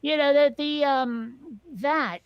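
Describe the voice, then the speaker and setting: A woman's voice: sits high, slow pace, no room sound, dull audio. A woman hosting a casual group chat, talkative and self-deprecating, trailing off with fillers. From New York area. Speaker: host.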